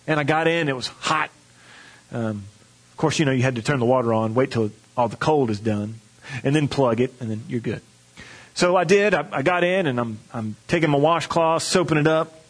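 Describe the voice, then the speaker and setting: A man delivering a storytelling sermon, his voice sitting a bit high and carrying a husky, breathy edge. He talks in a folksy, conversational way and acts out the people in his story. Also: moderate pace. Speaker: preacher.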